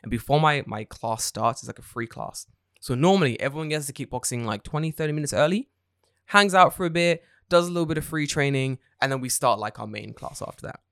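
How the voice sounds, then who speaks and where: A man's voice: mid-range voice, a little fast, smooth, no room sound, studio quality. A young adult man hosting a podcast, telling stories in casual chat with lots of swearing and acted-out quotes. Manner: animated, swearing storyteller who acts out quotes. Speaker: podcast host.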